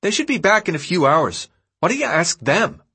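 A man's voice: medium pitch, very animated, normal speed, sharp tone, breathy edge, voice pushed up, heavily acted. A man voicing a blunt, sarcastic young boy in an audiobook reading, tossing off snappy, dismissive retorts.

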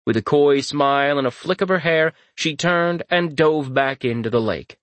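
A man's voice: a little high, moderate pace, fairly bright tone, dry recording. Man narrating a fantasy audiobook, dry.

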